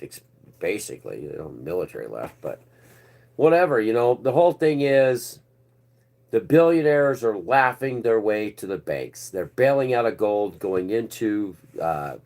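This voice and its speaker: A man's voice: medium pitch, a little mellow. Sarcastic man ranting on a news channel. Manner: sarcastic, rambling, swears freely. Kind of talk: casual ranting commentary.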